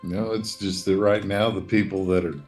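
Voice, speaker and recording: A man with a fairly low voice speaks bluntly and plainly in a casual group chat. Faint music plays behind him. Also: steady tone, normal speed, a little mellow.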